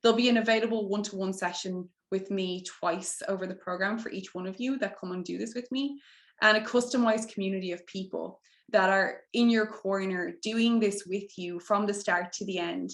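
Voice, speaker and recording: A young woman coaching a live online masterclass, her voice sitting at a middle pitch. She pitches her program earnestly and lets her feelings show. The sound is roomy and echoing. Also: steady tone, normal speed. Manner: heartfelt, gets emotional, breaks into tears and laughter. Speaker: mindset coach hosting a masterclass. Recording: echoey room.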